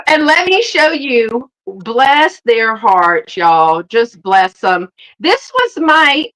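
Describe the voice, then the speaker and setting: A woman's voice: fairly high pitch, extremely slow, poor audio. A middle-aged woman hosts a live sale, telling a story in casual chat, acting out quotes with a laugh in her voice. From Southern United States. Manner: animated, acts out quotes, laughs often.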